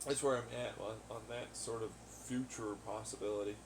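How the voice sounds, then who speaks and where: A man's voice: fairly low pitch, fairly even intonation, fairly quick, background noise. Rambling, profane man talking solo. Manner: rambling and profane, with sudden angry outbursts. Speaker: podcast host. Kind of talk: casual rambling monologue.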